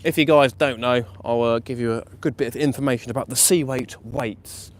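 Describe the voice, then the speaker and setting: A man commenting live on his night fishing session, chatty and excitable, laughing often, outdoors by the water. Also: mid-range voice, brisk. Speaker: fishing vlogger. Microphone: camera or phone mic on a live stream.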